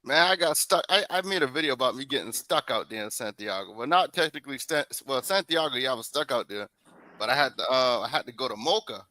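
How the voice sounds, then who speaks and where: A man telling stories as a guest in a casual chat, animated and slangy. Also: mid-range voice, fast talker, no echo. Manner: animated storytelling, laughs, slangy.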